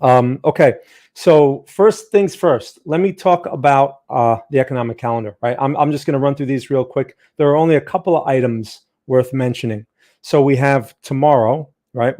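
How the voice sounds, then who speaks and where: A man's voice: medium pitch, normal speed, warm tone. A man hosting a trading livestream, talking casually through market events with joking asides and frequent "right?" checks.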